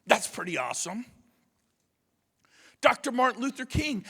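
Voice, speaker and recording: Booming motivational speaker, lively pitch. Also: male voice, normal speed, pauses often, husky, in a large hall. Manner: shouting, emphatic, swings from loud to quiet. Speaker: conference speaker. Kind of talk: motivational speech. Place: large conference room.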